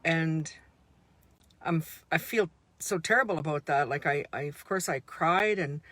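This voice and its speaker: A woman's voice: low-pitched, measured pace, fairly bright tone, no room sound. A middle-aged woman speaking an unscripted, heartfelt monologue to her handheld camera, indignant and repeating herself as she talks. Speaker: vlogger.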